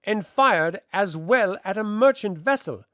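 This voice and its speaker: Guy doing a fiery princess, sharp and bossy, pitch up and swinging all over, loud. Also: animated, unhurried, no echo, clean studio sound, heavily acted. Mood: cool. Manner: sharp, cutting, commanding. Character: proud fiery young princess, woman.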